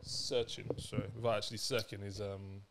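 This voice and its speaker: A man's voice: fairly low pitch, little pitch movement, a little fast, vocal fry, very noisy. A man co-hosting a film review podcast, easygoing and hesitant in casual chat. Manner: easygoing, hesitant with many ums.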